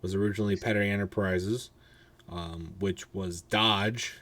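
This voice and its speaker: A man's voice: low-pitched, steady tone, measured pace, fairly bright tone. A man hosting a casual podcast, sounding tired and rambling, swearing freely and restarting his sentences. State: tired, yawning. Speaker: podcast host.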